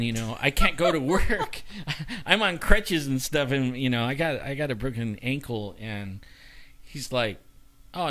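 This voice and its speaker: A man telling a personal story in casual chat, acting out the lines of the people in it and filling with "you know". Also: mid-range voice. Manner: animated, acts out dialogue with many "you know" fillers. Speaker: guest.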